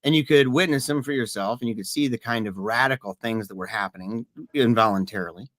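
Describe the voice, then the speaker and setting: A man's voice: mid-range voice, quick pace, fairly bright tone, no echo, clean studio sound. A man co-hosting a casual podcast, talking earnestly and animatedly, often laughing and repeating himself. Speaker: podcast co-host.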